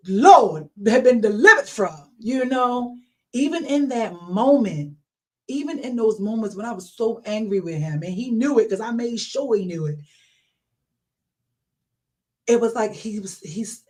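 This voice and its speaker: A woman with a mid-range voice hosts a podcast and shares a faith testimony. She talks casually and with feeling, and she turns often to address her listeners directly. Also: mid-range voice. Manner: emotional, animated storytelling addressing listeners directly. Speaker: podcast host.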